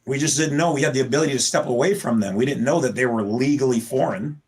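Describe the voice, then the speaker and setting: A man on a casual podcast, explaining at length in an animated, lecturing way that rambles with restarts. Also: mid-range voice, slightly rough. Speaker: podcast guest explaining legal theories.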